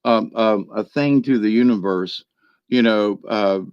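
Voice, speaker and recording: A man's voice: fairly low pitch, measured pace, a little mellow, smooth, no echo. Chatty man rambling through a story. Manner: chatty, laughs often, many fillers and restarts. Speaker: spiritual card reader. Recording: dry, dull lo-fi sound.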